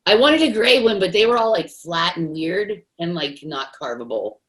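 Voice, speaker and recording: A woman from the Dominican Republic with a somewhat low voice, co-hosting a casual podcast. Her pitch moves a lot as she tells chatty stories and acts out what people said. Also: expressive, normal speed, rough recording. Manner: chatty storyteller, acts out quotes. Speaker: podcast co-host.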